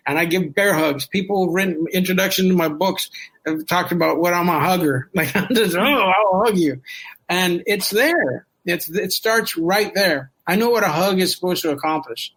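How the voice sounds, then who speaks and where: Husky middle-aged man, slightly high voice, candid rambling personal storyteller. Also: a bit bright, rough recording. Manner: candid, rambling, emotional, with laughs and profanity. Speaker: storyteller guest.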